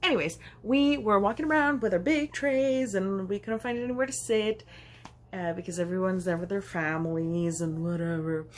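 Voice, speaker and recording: A young woman telling a rambling storytime anecdote for her vlog, chatty and quick to laugh. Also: medium pitch, slight background noise. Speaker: vlogger. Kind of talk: casual storytime.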